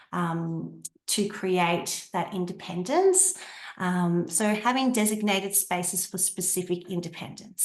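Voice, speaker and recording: Gentle woman sharing parenting tips, echoey room. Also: mid-range voice. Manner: gentle, many ums, acts out warm phrases to a child. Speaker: Montessori parenting guest.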